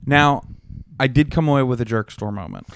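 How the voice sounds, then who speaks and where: A man co-hosting a podcast, telling an animated, profane story in casual chat. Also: mid-range voice, fairly quick, slight background noise. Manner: animated storytelling, heavy swearing. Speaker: podcast co-host.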